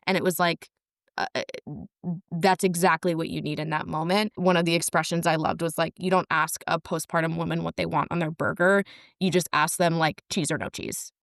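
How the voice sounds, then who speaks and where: A woman's voice: deep voice, flat delivery, fairly quick, vocal fry, dry recording, studio quality. A young woman telling her story in a candid, wry way on a casual podcast.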